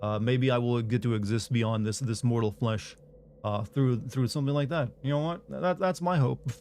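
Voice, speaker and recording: Monotone young man streaming games. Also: medium pitch, normal speed, a little hiss or hum. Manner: monotone, rambling with restarts. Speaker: game streamer. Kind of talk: casual chat while streaming.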